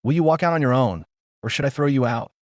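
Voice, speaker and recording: A man voicing a cocky, calm former special forces bodyguard in a story, teasing and cool. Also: mid-range voice, fast talker, dry recording, studio quality, voice pushed up, lightly acted.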